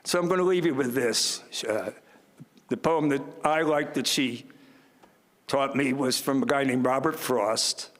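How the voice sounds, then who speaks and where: A man's voice: mid-range voice, fairly bright tone. An older man speaks at a podium in a mid-range voice that sounds ordinary for a man. His commencement speech is folksy and full of self-deprecating humor. The long reverb of a large ceremony hall trails after each phrase.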